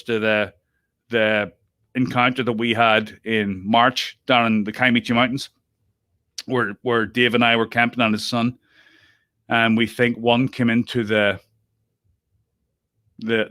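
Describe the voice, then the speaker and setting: A talkative podcast host leads a casual group chat, frequently breaking off mid-thought and laughing along. His mid-range voice carries a bright, forceful edge. The recording is dry and close, with almost no room sound.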